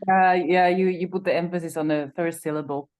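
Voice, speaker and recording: A woman's voice: lowish voice, fairly even intonation, brisk, darkish tone. A woman co-teacher introducing herself in a casual class, modest and a little hesitant.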